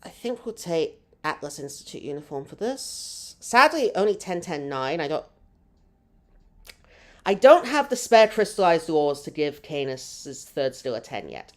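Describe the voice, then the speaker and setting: A woman streams a game live, reading out her chat and answering it as she goes. Her voice sits on the low side but jumps all over in pitch. She rambles, teases herself, and keeps things loose and conversational. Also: big pitch swings, a little mellow. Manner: chatty, rambling and self-mocking, with quick laughs. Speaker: gaming streamer.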